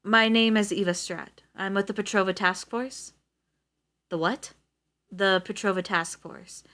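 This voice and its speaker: A woman's voice: mid-range voice, fairly even intonation, measured pace, a bit bright, lightly acted. A woman reading aloud as a poised middle-aged female official who speaks in a cool, direct way. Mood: cool, businesslike.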